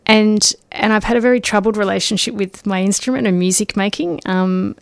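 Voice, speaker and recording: A woman's voice: mid-range voice, brisk, creaky, smooth. A woman, a musician guest on a radio show, telling stories animatedly and often repeating words. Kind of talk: casual interview chat.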